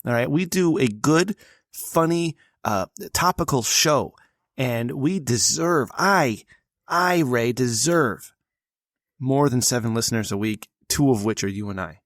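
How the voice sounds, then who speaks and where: A man's voice: medium pitch, expressive, unhurried, no echo, clean studio sound. A man co-hosting a comedy podcast, brash and profane, ribbing his co-host. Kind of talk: casual comedic chat.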